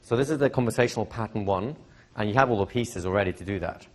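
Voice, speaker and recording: In front of a live seminar audience, a middle-aged hypnosis trainer speaks quickly in a lowish voice. He keeps things conversational, echoing phrases and regularly questioning the room.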